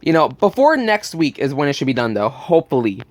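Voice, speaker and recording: Burping after just eating, a young gaming channel host bluntly recounts a profane work story in a casual vlog. His slightly high voice is sing-song and fairly quick, recorded with no room sound.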